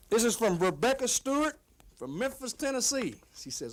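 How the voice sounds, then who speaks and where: A man's voice: high voice, very animated, brisk. A man with a Kentucky accent, a wrestler chatting with fans on his porch in a folksy, rambling country drawl. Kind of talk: folksy in-character chat. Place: house porch.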